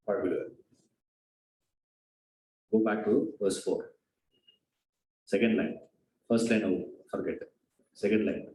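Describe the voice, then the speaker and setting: A man's voice: fairly low pitch, slow, pauses often, dark tone. A man teaching a scripture class, asking his students rhetorical questions. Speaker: Vedanta teacher. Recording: echoey room.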